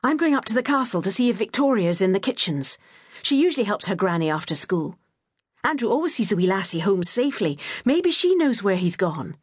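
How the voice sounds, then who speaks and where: A woman's voice: mid-range voice, big pitch swings, brisk, husky, no echo, studio quality. A woman narrator voicing an anxious working mother who fires off urgent questions.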